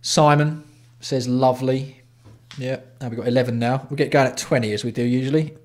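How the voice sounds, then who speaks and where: A man's voice: medium pitch, fairly even intonation, very fast, darkish tone. A man from England hosting a casual livestream, greeting viewers by name with blunt, sweary banter. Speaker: livestream host.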